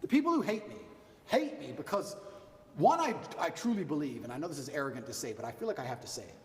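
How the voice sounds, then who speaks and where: A man's voice: a little high, very animated, quick pace, darkish tone. A man in an impassioned rant, emphatic and defiant, hammering the same points over and over. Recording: echoey hall, voice far from the mic.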